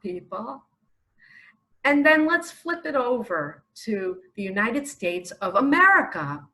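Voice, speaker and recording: A middle-aged woman from New York giving an impassioned religious monologue, emphatic and full of rhetorical questions, with sudden loud bursts. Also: mid-range voice, low-quality recording. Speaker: self-proclaimed messiah preacher.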